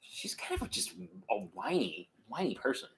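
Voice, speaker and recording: A man in his thirties co-hosting a podcast in casual recap chat. He is animated, swears freely and drifts into tangents. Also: medium pitch, normal speed, vocal fry, whispered. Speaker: podcast co-host.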